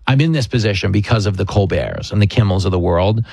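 A man hosting a radio talk show, chatting casually and joking in a quick, animated way. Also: lowish voice, gravelly, no room sound. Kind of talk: casual comedic chat.

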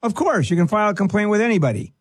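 A fairly high-pitched man with a husky, slightly rough voice hosts a call-in legal advice show. He is blunt and impatient, interrupts often, and keeps pushing the caller to get to the question. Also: sing-song, racing, dry recording, clean studio sound. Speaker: legal advice radio host.

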